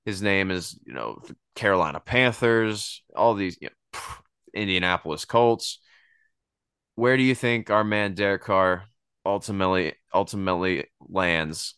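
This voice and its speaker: A man's voice: sits low, normal speed, a bit bright, clear, resonant tone, no room sound, studio quality. A man hosting a sports podcast, chatting casually and rambling, often laughing at his own jokes. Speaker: podcast host.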